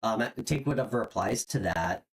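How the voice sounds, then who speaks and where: Tarot reader doing a live stream, soft encouraging tone, lots of ums and likes, voice bounces up and down a lot. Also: medium pitch, expressive, normal speed, a little hiss or hum, rough recording. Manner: gentle and encouraging, many "um" and "like" fillers, repeats words while searching.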